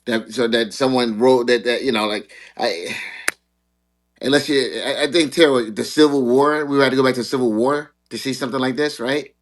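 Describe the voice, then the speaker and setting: A man's voice: mid-range voice, fairly even intonation, normal speed, a little hiss or hum. Rambling man hosting a panel. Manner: rambling, repeats words, laughs at himself. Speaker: show host. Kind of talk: casual panel discussion.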